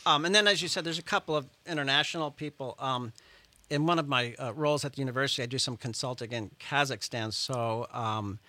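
Bright-voiced musician guest, rambling. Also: male voice, mid-range voice, brisk. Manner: rambling, many fillers and restarts. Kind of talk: casual interview chat. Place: radio studio.

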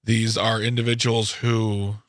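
A man's voice: fairly low pitch, level tone, a little slow, no echo, clean studio sound. A man co-hosting a radio talk show, giving strong opinions in a rambling, emphatic way.

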